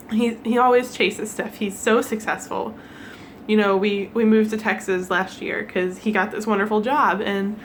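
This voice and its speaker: A young woman from the United States, teary and emotional, talking haltingly with nervous laughs in a personal vlog. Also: medium pitch, a little hiss or hum. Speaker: vlogger.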